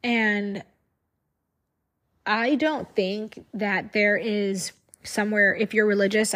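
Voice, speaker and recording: A woman's voice: medium pitch, a bit bright. A woman who makes online videos, speaking frankly and emphatically to camera and repeating phrases for force. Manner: frank and outspoken. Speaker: social media creator. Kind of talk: candid to-camera monologue.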